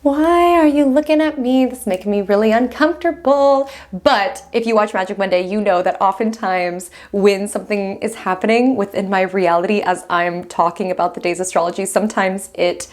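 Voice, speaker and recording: Young woman chatting away at home, animated and laughing a lot, middle pitch. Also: brisk, hardly any pauses. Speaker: astrology host. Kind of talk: casual astrology vlog talk. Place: room at home with window open.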